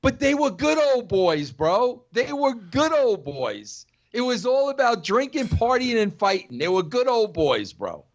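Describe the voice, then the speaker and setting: A man's voice: very high-pitched, big pitch swings, unhurried, few pauses, no echo, muffled recording. A middle-aged man hosting a podcast who argues his point emphatically in a heated casual debate, calling the other man "bro" again and again. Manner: emphatic, says "bro" a lot. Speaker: podcast host.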